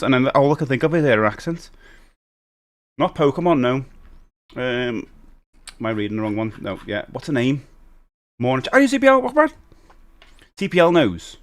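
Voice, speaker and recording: Reading viewer messages aloud and replying to them, a middle-aged man runs a live stream in a casual, rambling, chatty manner, greeting viewers as they come in. His voice is mid-range and his delivery a little fast.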